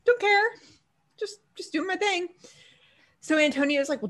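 A woman's voice: extremely high pitch, normal speed, pauses often. A woman co-hosting a podcast, casually recapping a TV episode and acting out the characters' lines with swearing and laughter. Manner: animated, acts out characters' lines, swears freely. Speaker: podcast co-host.

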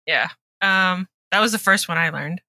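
A woman guest in casual podcast chat, soft-spoken and quick to giggle. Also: on the low side, dry recording.

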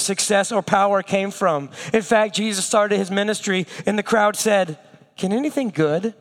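A man preaching a sermon, telling stories with lively acted-out voices and going slow and hushed for his weightiest points. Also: high-pitched, long reverb tail. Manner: animated storytelling, acting out quoted voices. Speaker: pastor.

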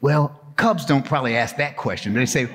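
A man's voice: mid-range voice, fairly quick, big-room sound, background noise. A man preaching a children's sermon, telling a playful animal story and getting the congregation to join in. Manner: playful, animated, draws the crowd in. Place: church sanctuary.

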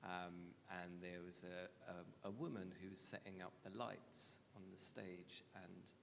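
A man tells a personal faith story with candid, self-deprecating honesty. His voice sits low and carries a gravelly fry. The sound rings with the long reverb of a large hall over a faint rumble. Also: level tone, unhurried. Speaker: guest speaker.

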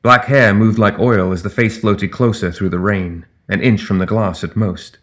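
A man narrates a fantasy novel in an audiobook. His fairly low voice stays steady and even as he tells the story. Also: normal speed.

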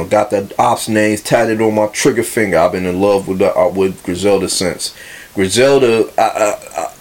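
Laid-back low-voiced man on a podcast. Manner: laid-back, rambling with fillers and restarts. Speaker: podcast co-host. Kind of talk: casual hip hop podcast chat.

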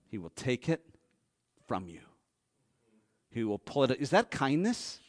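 A man preaching a sermon with real animation. He acts out Bible characters in high, excited voices, then drops to a low hush to drive a point home. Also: unhurried, pauses often. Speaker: pastor.

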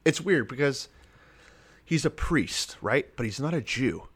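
Male co-host, mid pitch, dry jokes, swears freely. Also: animated, a little slow, slightly rough. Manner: wry, blunt, profane. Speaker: podcast co-host. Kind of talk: casual comedic chat.

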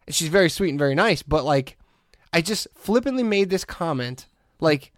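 A man co-hosting a podcast, telling stories in a casual chat and acting out other people's lines in sudden high voices. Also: normal speed, no room sound, clean studio sound. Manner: animated, acts out other people's voices with big pitch jumps. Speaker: podcast co-host.

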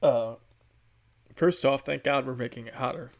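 Gravelly, profane man ranting. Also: medium pitch, moderate pace. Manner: blunt, profane, sarcastic. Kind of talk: casual political rant.

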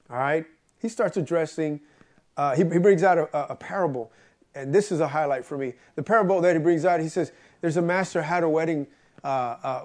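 A man's voice: on the high side, a little mellow. A man preaching a conversational sermon, earnest and storytelling, repeating phrases for emphasis.

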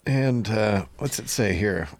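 A man's voice: on the low side, slow, dry recording. A man co-hosting a casual beer podcast, making dry jokes. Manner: dry, joking. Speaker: podcast co-host.

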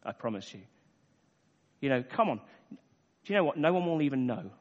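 A man voicing Satan as a tempting, accusing spirit, speaking in a soft, low, coaxing murmur. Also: moderate pace. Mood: wheedling. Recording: echoey hall, dull lo-fi sound.

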